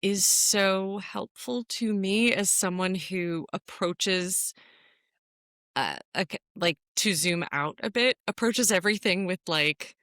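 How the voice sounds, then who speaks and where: A woman co-hosting a podcast in casual chat, animated and playful, laughing often. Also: mid-range voice, slow, dry recording, studio quality. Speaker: podcast co-host.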